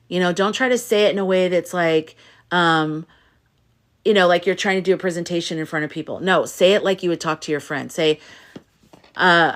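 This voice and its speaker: A middle-aged woman hosting a casual livestream, talking to viewers in a playful, rambling way and swearing now and then. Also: on the low side. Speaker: livestream host, spiritual coach.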